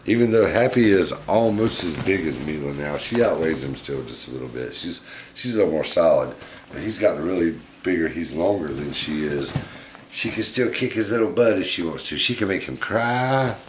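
A middle-aged man talking fondly and gently to his pet monkeys in a casual home vlog. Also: sits low, animated, normal speed, echoey room, a little hiss or hum. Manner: gentle, doting, chuckling baby talk to pets.

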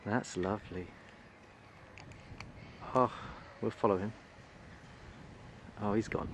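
A man's voice: fairly low pitch, fairly even intonation, slow, long pauses, fairly bright tone, a little hiss or hum. A man filming outdoors in woodland, giving admiring, gushing commentary from behind the camera. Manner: gushing, admiring, murmured exclamations. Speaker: wildlife videographer.

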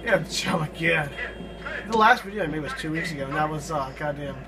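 A man hosting a co-op game playthrough, hyperactive, with loud outbursts and cursing, on a distant mic with loud noise. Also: on the high side, a little fast, over music. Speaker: let's play host. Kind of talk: excitable gameplay commentary.

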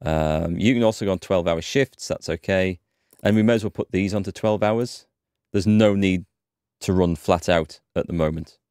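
A man's voice: low voice, moderate pace, darkish tone, clear, resonant tone, no room sound, studio quality. A man hosting a gaming channel, chatting and thinking aloud as he plays. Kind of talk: let's-play commentary.

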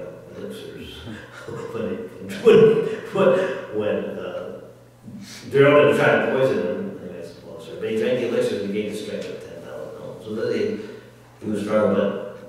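A man giving a spiritual discourse, telling a scripture story in an animated way and laughing often. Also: on the low side. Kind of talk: sermon storytelling. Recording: echoey hall, mic far off.

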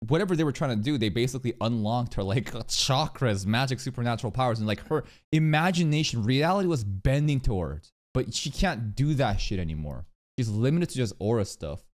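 Male reaction streamer, casual and profane, lively pitch. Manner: swears loosely, animated.

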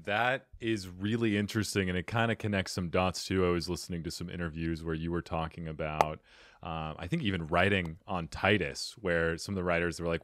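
A man's voice: low-pitched, level tone, fairly quick, a bit bright. A man hosting a podcast interview, listening closely with short affirmations and thoughtful follow-ups. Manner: attentive, frequent short affirmations. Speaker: podcast host. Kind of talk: casual interview chat.

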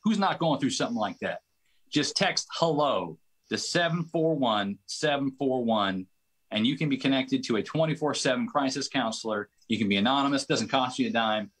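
A man finishing a casual stand-up set over a video call, rambling into a deadpan punchline. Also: medium pitch, normal speed, breathy edge. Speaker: stand-up comedian.

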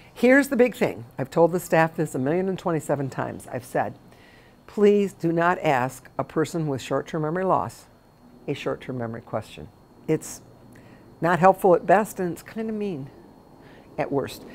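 A low-pitched middle-aged woman speaking to a room of caregivers. She is a memory care consultant who tells stories in a chatty, informal way and leans on emphatic repetitions. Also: darkish tone, a little hiss or hum.

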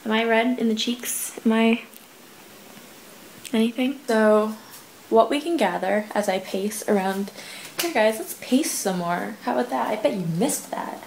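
A young woman talks to her camera late at night from her bedroom, rambling and giggling, slightly out of breath. Her voice has a gravelly fry, with a faint hiss in the background. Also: on the high side, unhurried, darkish tone, rough recording. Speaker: vlogger. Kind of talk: casual late-night vlog.

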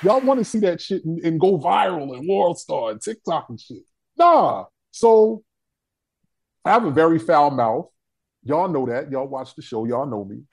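A young adult man telling a story on a discussion panel, profane, animated and emphatic. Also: fairly high pitch, moderate pace, creaky.

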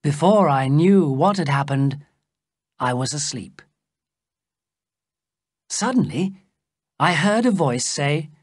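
A woman narrates a story for learners at an unhurried, careful pace. Her voice sits low and husky, with a lively rise and fall. The sound is dry and close. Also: no room sound. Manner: slow, careful and expressive reading. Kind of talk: scripted narration for English learners.

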